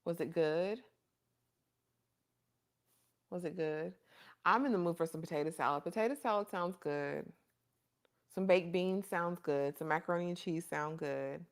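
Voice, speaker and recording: A woman's voice: lowish voice, a little slow, pauses often. A woman hosting a casual livestream, chatting and reading viewer comments in an affectionate, chatty way. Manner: chatty and affectionate, calls viewers honey and baby. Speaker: livestream host.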